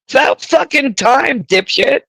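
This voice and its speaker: A woman's voice: high voice, lively intonation, measured pace, vocal fry, a bit bright, no room sound, low-quality recording. A woman hosting a casual livestream, talking in a profane, rambling way. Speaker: livestream host.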